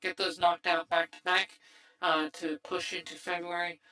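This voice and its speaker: A man's voice: sits high, level tone, normal speed, bright, forceful tone, poor audio. A man hosting a livestream through a voice changer, rambling casually with lots of fillers and restarts. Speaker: streamer host. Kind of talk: casual stream wrap-up chat.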